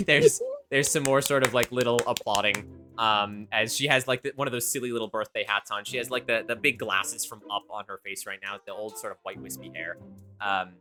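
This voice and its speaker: A woman's voice: extremely low pitch, brisk, a bit bright, soft background music. A woman narrating a tabletop game as game master, casual and loose with lots of fillers. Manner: casual, many fillers, laughs often.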